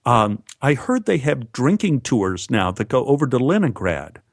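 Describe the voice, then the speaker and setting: A man's voice: mid-range voice, very animated, normal speed, dry recording, clean studio sound. A man voicing a casual male friend in an offhand, lightly amused tone.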